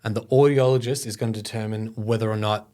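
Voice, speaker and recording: A man's voice: lowish voice, steady tone, fast, darkish tone. A middle-aged man, telling a personal story in an interview. He talks in a loose, conversational way with many fillers and sometimes gets choked up. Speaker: guest, foundation founder.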